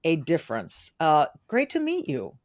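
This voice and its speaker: Hosting a podcast interview, a middle-aged woman from California speaks at a measured pace in a low voice with huge swings in pitch. Her conversational manner is eager and straightforward.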